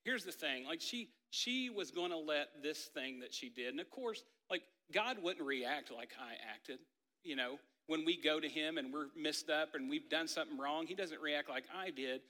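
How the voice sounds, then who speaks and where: A man's voice: fairly high pitch, expressive, normal speed, bright, forceful tone. A man in his thirties preaching a casual sermon, telling a family story with lots of "like" and "right?". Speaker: pastor. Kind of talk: conversational sermon with personal story. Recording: long hall reverb.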